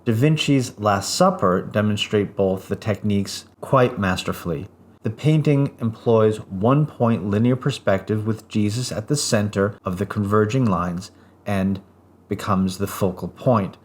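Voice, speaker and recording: A man giving a scripted art history lecture in a measured, even delivery, pausing through lists. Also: on the low side.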